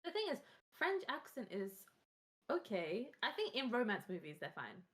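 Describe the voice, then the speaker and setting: A woman's voice: fairly high pitch, wildly swooping pitch, normal speed, fairly bright tone. Chatty British woman reading a list. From Britain. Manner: reads out a ranking list, chatty and giggly. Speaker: podcast co-host. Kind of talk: casual chat.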